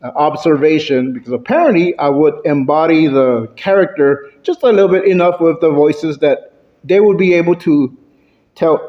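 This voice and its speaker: A man giving a prepared speech at a speaking club, playing with pitch and loudness for effect. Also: normal speed. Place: club meeting room, indoors. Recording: dull lo-fi recording.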